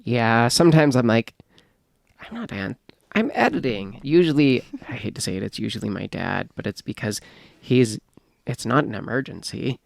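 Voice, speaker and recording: A man's voice: mid-range voice, moderate pace, vocal fry, no room sound, studio quality. A man co-hosting a casual podcast, making brief offhand remarks. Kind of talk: casual chat.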